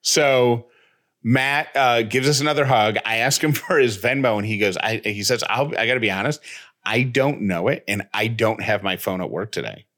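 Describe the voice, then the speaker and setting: A man's voice: medium pitch, moderate pace. A man co-hosting a podcast, casually telling a story and acting out the dialogue as he goes. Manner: animated, retells with quoted dialogue. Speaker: podcast co-host.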